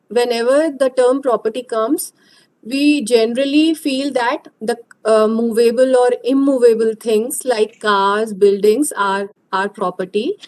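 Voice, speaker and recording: A woman giving an online lecture over a video call, explaining slowly and hesitantly. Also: fairly high pitch, poor audio.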